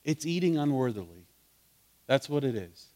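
A man's voice: medium pitch, big pitch swings, normal speed, darkish tone. A man preaching in a conversational way, asking his listeners questions and building to fervent emphasis. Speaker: pastor teaching a Bible study. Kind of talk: interactive sermon.

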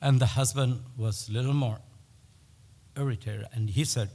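Male pastor, measured sermon delivery with emphatic repetition, recorded in a hall with long reverb. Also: mid-range voice, steady tone, darkish tone. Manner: storytelling, with pauses and emphatic repetition. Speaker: preacher.

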